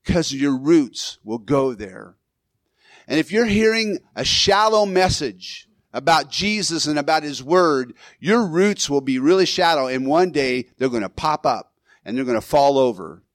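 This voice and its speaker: A man's voice: fairly high pitch, animated, unhurried, dry recording. A man preaching a sermon as pastor in a church, in a loose conversational way with restarts and the odd chuckle.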